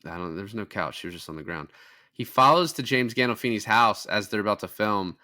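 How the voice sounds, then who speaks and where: A man's voice: lowish voice, animated, fairly quick, pushed and bright. A young man co-hosting a casual film review podcast, retelling scenes with lots of swearing and fillers. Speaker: podcast co-host.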